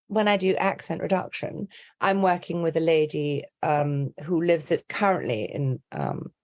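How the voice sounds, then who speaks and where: A woman's voice: sits low, measured pace, dry recording, studio quality. A middle-aged woman with a Scouse accent, an accent coach talking animatedly in a podcast interview. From Liverpool, England. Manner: chatty, animated, slips into quoted voices and laughs.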